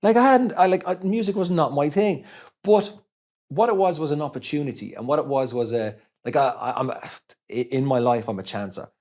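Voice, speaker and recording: A man from Ireland with an Irish accent, a guest telling stories in casual chat, lively, with many restarts and self-corrections. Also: fairly high pitch, fairly quick. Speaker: interview guest. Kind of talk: casual anecdotal storytelling.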